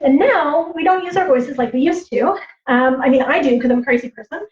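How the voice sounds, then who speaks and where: High-voiced woman telling lively stories. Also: a little fast. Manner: animated, laughing, acting out voices. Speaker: Indigenous storyteller and teacher. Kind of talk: storytelling livestream. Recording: roomy, slightly dull livestream audio.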